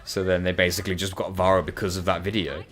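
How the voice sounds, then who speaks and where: Deep-voiced man chatting over gameplay. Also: flat delivery, fast, fairly bright tone. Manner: rambling, storytelling, acts out quoted voices. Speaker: co-host. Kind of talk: casual chat over co-op gameplay.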